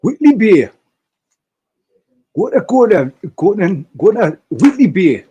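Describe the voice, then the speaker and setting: A man putting on a boisterous Geordie man praising beer, with an exaggerated Geordie accent and a loud, high voice. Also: sing-song, slow pace, lo-fi sound, a little hiss or hum, heavily acted.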